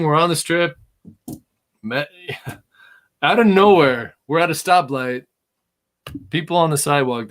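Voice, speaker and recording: A middle-aged man hosting a podcast, telling a story in a casual, animated way and laughing often. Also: fairly high pitch. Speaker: podcast host.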